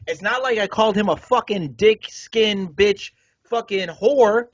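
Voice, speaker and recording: Male podcast co-host, high and husky, casual storyteller with an indignant edge, dry dull-mic sound. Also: measured pace. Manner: animated, indignant retelling with swearing.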